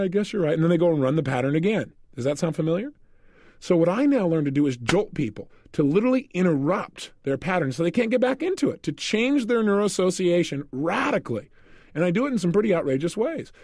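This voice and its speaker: A man giving a motivational seminar talk, telling stories in an animated way and acting out scenes. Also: fairly high pitch, fast talker, no echo, studio quality. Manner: animated storyteller, acts out scenes. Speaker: motivational speaker.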